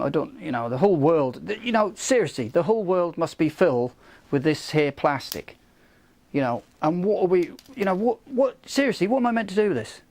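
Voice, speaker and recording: A man's voice: gravelly, darkish tone. A middle-aged man ranting casually about a cheap product, exasperated and swearing, with many "you know"s. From United Kingdom. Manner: exasperated, swears, repeats "you know", rising pitch when angry. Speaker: vlogger reviewing a product.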